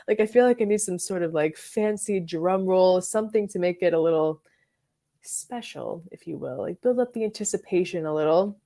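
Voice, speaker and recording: A woman's voice: fairly low pitch, normal speed, warm tone. Chatty woman hosting a fragrance livestream. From Florida. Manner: chatty, reads and answers live chat, frequent likes and ums. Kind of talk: casual livestream chat.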